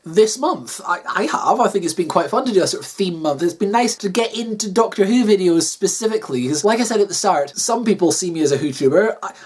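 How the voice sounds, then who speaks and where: A man's voice: sits high, a little mellow. A man hosting his own video channel, wrapping up in a rambling, casual way and repeating words as he searches for them. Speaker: YouTuber host.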